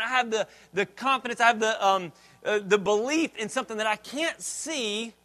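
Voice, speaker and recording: A man preaching a sermon to his congregation in a relaxed, conversational way, often restarting phrases and quoting scripture. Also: very high-pitched. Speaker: pastor. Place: church sanctuary.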